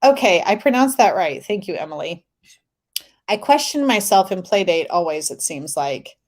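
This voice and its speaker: A woman's voice: lowish voice, animated, moderate pace. A woman hosting a tarot live stream, chatting casually, reading viewer comments aloud and laughing often.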